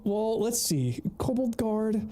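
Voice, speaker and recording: A man's voice: sits high, big pitch swings, slow, mellow, soft background music. A young man streaming himself playing a video game, laid-back and chatty, swearing and laughing often. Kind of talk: casual gameplay commentary.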